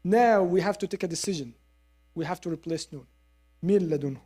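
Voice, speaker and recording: A woman teaching Quran recitation in a lesson, explaining step by step and modelling the sounds slowly with repeats. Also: lowish voice, mellow, slightly rough. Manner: explains step by step, asks listeners to agree. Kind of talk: classroom lesson.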